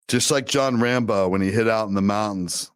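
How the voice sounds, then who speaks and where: A man's voice: fairly low pitch, normal speed, smooth, dry recording. Crude joking podcast co-host man. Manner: crude, joking, acts out movie scenes with big emotional swings. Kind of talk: casual comedic chat.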